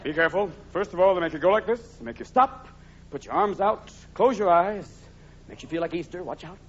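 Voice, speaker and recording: Manic high-voiced man doing stand-up. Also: a little fast, a little hiss or hum. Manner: manic, jumping between many silly character voices. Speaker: stand-up comedian. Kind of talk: live stand-up comedy. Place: theater stage before a live audience. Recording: lo-fi live recording with loud laughing crowd.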